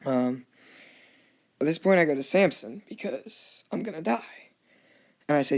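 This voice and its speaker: A man's voice: fairly high pitch, expressive, unhurried, long pauses. A man casually narrating and commenting on his strategy game match, rambling and acting out chats with other players. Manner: rambling, restarts often, acts out quoted chats. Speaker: gameplay commentator.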